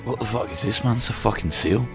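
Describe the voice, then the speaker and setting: A man's voice: mid-range voice, quick pace, vocal fry, voice pushed up, close to an everyday voice. A man voicing an exasperated young mate at the pub in a put-on Scottish accent, blunt and scolding. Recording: music playing under the voice.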